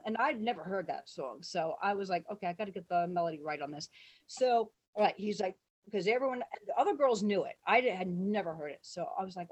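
A woman casually telling a story, acting out the people she quotes, shouting their lines, laughing and swearing freely. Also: mid-range voice, brisk, slightly rough. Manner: animated, acts out quotes with big shouts. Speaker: guest telling stories.

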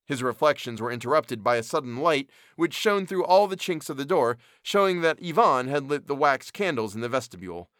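A man narrating a classic story in an expressive, measured reading. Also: medium pitch, no echo, clean studio sound.

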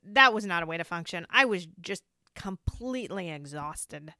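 A woman's voice: lowish voice, animated, normal speed, bright, forceful tone, dry recording, studio quality. A woman hosting a casual, heartfelt conversation, speaking earnestly and reassuringly about grief.

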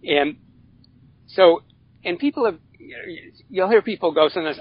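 A man who is a guest on a podcast, talking about coaching in an animated way, acting out little quotes and restarting his phrases. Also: high voice, normal speed, breathy edge, dull audio. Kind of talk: casual interview chat.

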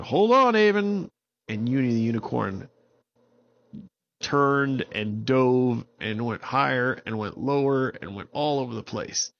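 A man telling a children's story in a relaxed, unhurried way, with small restarts. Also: mid-range voice, gravelly, highs cut off. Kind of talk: improvised bedtime storytelling.

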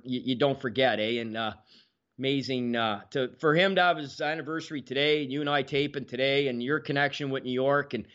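A man, a podcast guest telling stories in a lively way and acting out the dialogue. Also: medium pitch. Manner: animated, acts out quoted dialogue. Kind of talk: casual storytelling. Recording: dull lo-fi sound.

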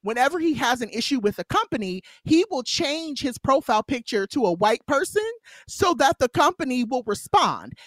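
A woman's voice: sits high, very animated, moderate pace, fairly bright tone, no echo. A woman hosting a podcast, chatting enthusiastically and affirming her guest. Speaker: podcast host. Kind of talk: casual podcast chat.

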